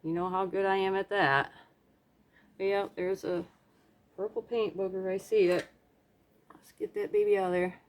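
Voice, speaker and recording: A woman talks her way through a messy craft project in a relaxed, chatty voice. She pokes fun at herself and tosses in little hums and silly sound effects as she works at her table at home. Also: medium pitch, normal speed, long pauses. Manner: chatty, self-deprecating, hums and makes playful sound effects. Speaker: craft vlogger. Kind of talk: casual narration while painting.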